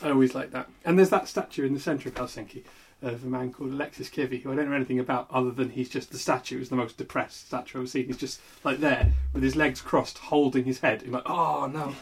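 A young man in casual comedic chat, telling rambling animated stories as co-host. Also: medium pitch, fast talker, husky. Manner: rambling, animated storytelling with put-on voices. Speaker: podcast co-host.

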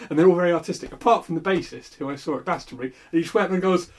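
A young man in casual comedic chat, telling rambling animated stories as co-host. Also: high voice, rapid-fire. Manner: rambling, animated storytelling with put-on voices. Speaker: podcast co-host.

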